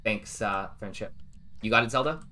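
A man streaming a ghost-hunting game, talking excitably with teammates and viewers. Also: on the low side, normal speed, slight background noise. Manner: animated, excitable, addresses viewers. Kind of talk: live gameplay commentary.

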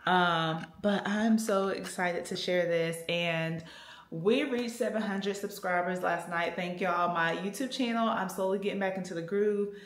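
A woman's voice: lowish voice, measured pace. Chatty woman vlogging. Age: 30s. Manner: chatty, frequent fillers, addresses viewers as y'all. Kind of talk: casual vlog chat.

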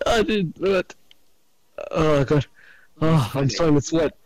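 A man's voice: on the high side, expressive, slow, a little mellow, no echo. A young man in casual multiplayer game chat, jumpy, laughing and panicky. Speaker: gamer.

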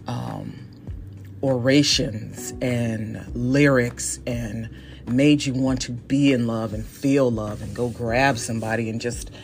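A woman's voice: rumbling low, darkish tone. A woman in her forties from Northeast Ohio, chatting on her solo podcast in a chatty, self-deprecating way and laughing often. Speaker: podcast host. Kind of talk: casual solo podcast monologue.

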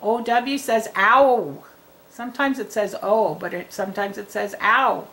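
A woman teaching young children to read, speaking in a clear, sing-song teacher voice. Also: medium pitch, a little slow, fairly bright tone, rough recording. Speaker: reading teacher. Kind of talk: children's reading lesson.

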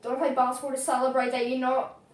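A woman playing an excitable, competitive friend in a homemade kids' web drama, with a high, bouncy delivery that jumps quickly to shouting. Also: natural voice. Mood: apologetic. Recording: echoey room, mic far off.

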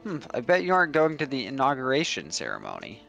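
A man's voice: medium pitch, wildly swooping pitch, quick pace, vocal fry, a bit bright, faint music behind, pitched above the performer's own voice, heavily acted. Man doing a sniffy, haughty snob. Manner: sniffy, mock-refined. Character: haughty male snob scorning the city's manners.

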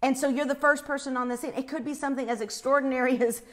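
A woman telling a personal faith story in an animated way, acting out the screams she describes. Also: high-pitched, fast talker.

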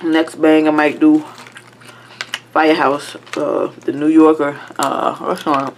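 A woman's voice: low-pitched, flat delivery, unhurried. Woman mukbang host, chews and chats, lots of mm's, faint background noise. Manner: talks while chewing, lots of hums of enjoyment. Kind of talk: casual eating chat.

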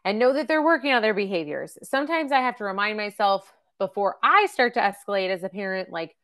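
Her voice medium in pitch, expressive, and a bit bright, a woman in her thirties or forties talks a little fast on her parenting webcast. The teaching is casual and chatty, thick with fillers and acted-out examples.

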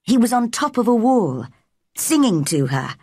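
A woman narrating a storybook slowly and carefully for English learners. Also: on the high side, sing-song, dark tone, breathy edge, no echo, clean studio sound.

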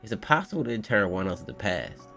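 A young man hosting a casual manga reaction, excitable, slangy and profane as he riffs to his viewers. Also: on the low side, quick pace, creaky, soft background music. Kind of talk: casual live reaction commentary.

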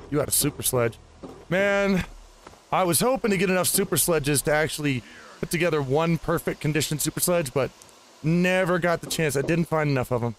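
Man, casual game commentary, rambling, talks to enemies, somewhat high voice. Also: slight background noise. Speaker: gaming host.

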